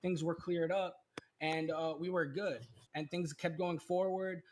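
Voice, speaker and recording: A man recounting events in a defensive, matter-of-fact way, his voice a little on the high side. Faint noise sits behind him in the played clip. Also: steady tone, a little slow, a little mellow.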